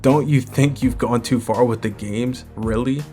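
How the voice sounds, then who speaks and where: A man's voice: medium pitch, fairly even intonation, a little slow, warm tone, soft background music, lightly acted. A man reading the lines of a flustered, earnest young woman who exclaims as she speaks, in nearly his own voice.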